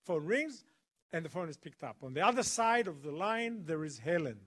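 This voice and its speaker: This guest speaker's voice is a little high and a bit bright, and he keeps a normal speed while staying very animated. He is in a college lecture hall, dramatically performing the dialogue as he tells a story to the audience.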